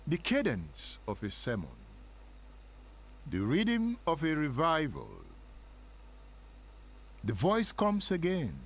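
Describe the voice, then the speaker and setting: A man's voice: a little high, huge pitch swings, takes it slowly, pauses often, breathy edge. A man from Nigeria hosting a dramatic spoken history talk, with a sermon-like cadence and frequent rhetorical questions. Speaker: host.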